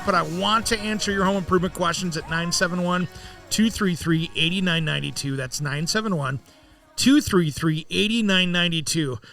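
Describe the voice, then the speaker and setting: Bright, upbeat male radio host. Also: high-pitched, far from the mic. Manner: upbeat, chatty, quick to laugh. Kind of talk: casual radio talk. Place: radio studio.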